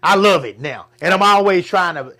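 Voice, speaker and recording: A man from Texas, co-hosting a casual talk show, animated and repeating himself when he gets fired up. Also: sits high, moderate pace. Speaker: podcast co-host. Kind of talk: casual chat.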